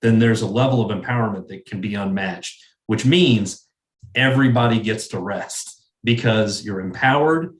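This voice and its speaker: A man's voice: on the low side, normal speed, reverberant. A man who is a guest on an interview, speaking earnestly and often repeating words as he thinks. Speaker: guest, sales manager. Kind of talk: interview conversation.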